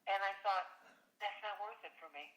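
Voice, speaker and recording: An older actress recounts her career with lively, exclamatory energy, her voice bright and ringing. The sound is echoey, as if taped in a reverberant room. She talks like a seasoned storyteller. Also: mid-range voice, moderate pace. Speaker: actress being interviewed. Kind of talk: casual storytelling interview.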